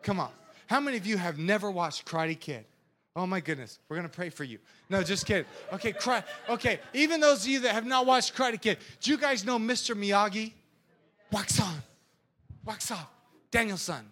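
High, bright-voiced animated youth pastor. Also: male voice, normal speed. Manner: animated storytelling with sound effects and acted voices. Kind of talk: lively youth sermon.

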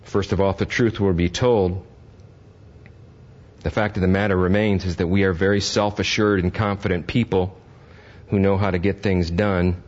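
An older man with a low-pitched voice preaches at normal speed with a flat delivery. Speaking plainly as pastor, he works up to impassioned emphasis before his congregation, heard through a dull lo-fi recording.

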